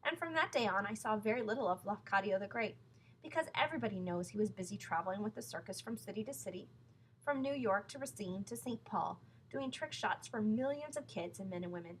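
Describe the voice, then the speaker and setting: A woman reading a children's book aloud in a lively, playful way. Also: medium pitch, brisk, a little hiss or hum, low-quality recording. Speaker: storyteller.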